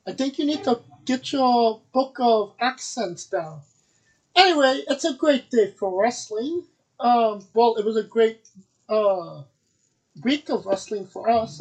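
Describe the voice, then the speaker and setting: A man with a fairly high voice hosts a casual podcast. He talks in an upbeat, rambling way, stumbling over names and filling gaps with ums. The delivery is loose and chatty. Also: a little mellow, low-quality recording. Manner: upbeat, rambling with many fillers. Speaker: podcast host. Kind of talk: casual chat.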